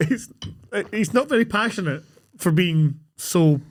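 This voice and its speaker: A man with a slightly high voice talks through a film scene by scene in casual podcast banter. He laughs often, swears freely and drops into the characters' lines as he goes. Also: lively intonation, takes it slowly. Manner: laughing, sweary storytelling with acted-out quotes. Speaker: podcast co-host. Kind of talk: casual film recap chat.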